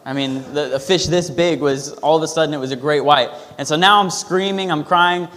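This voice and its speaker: A man's voice: fairly high pitch, brisk, a bit bright, long reverb tail. A male pastor giving a sermon, telling a personal story in a loose, conversational way with fillers and restarts.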